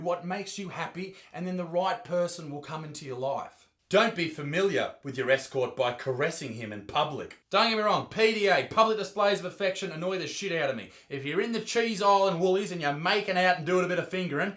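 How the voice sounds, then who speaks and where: A high-pitched Australian man tears into things in loud, sweary, mocking rants. His voice bounces around an echoey room. He talks like a young comedian riffing to his audience. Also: animated, normal speed. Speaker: comedian host. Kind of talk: profane comedic commentary.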